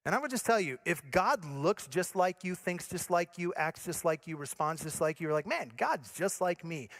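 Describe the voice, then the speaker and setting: Speaking at a normal speed, a male pastor from Michigan, USA, gives an earnest, direct sermon that shifts between emphatic declarations and hushed, low passages.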